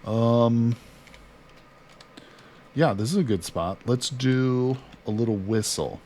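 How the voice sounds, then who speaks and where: Speaking slowly with a medium-pitched, dark-toned voice, a man plays a survival game and offers casual let's-play commentary, talking to himself and his character. The recording carries a bit of hiss or hum.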